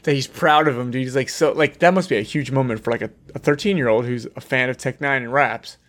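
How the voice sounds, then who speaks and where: Excitable, swearing man on a podcast. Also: medium pitch, fast. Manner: excitable, swears a lot, laughs often, breaks into mock voices. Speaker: podcast co-host. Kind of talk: casual podcast chat.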